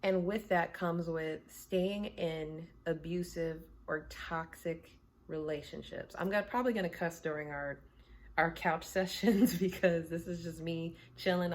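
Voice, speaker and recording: A woman with a notably low voice talks casually from her home. She gives her views as a tarot reader in a blunt, candid, conversational way. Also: fairly even intonation, normal speed. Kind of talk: casual chat.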